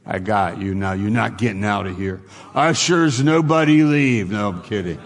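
Man, pastor, sermon, gravelly voice, earnest, repetitive, emphatic. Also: deep voice, little pitch movement, a little fast.

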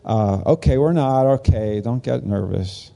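A man preaching in a loose, chatty way, his voice gravelly with a dark, mellow tone. He talks slowly and rambles, breaking into higher, lively voices when he acts out what others say. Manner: animated, rambling, acts out quoted lines in a higher voice. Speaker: pastor. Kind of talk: casual conversational sermon.

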